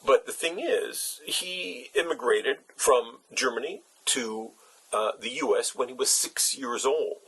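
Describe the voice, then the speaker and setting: Give me a man with a husky, breathy voice delivering a halting, reflective monologue. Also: medium pitch, sharp tone, rough recording. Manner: halting, thinks aloud with many fillers and restarts. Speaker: channel host. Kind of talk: reflective spoken essay.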